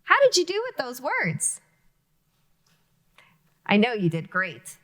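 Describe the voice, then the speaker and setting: A woman teacher leading a reading lesson for young children, speaking slowly and clearly with encouragement. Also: fairly high pitch, huge pitch swings, fairly bright tone. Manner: slow, clearly enunciated, encouraging teacher talk. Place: classroom-style video lesson.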